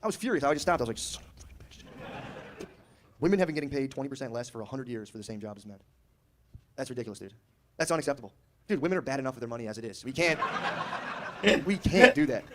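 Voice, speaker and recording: A man's voice: medium pitch, expressive, racing, slight background noise. A man doing a stand-up comedy set, brash and crude, talking casually and slipping into mocking voices.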